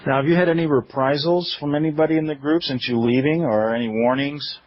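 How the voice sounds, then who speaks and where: A man's voice: on the high side, steady tone, a little fast. A man hosting a radio interview and taking calls, hesitant and full of filler words. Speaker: radio talk show host. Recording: muffled dry radio audio.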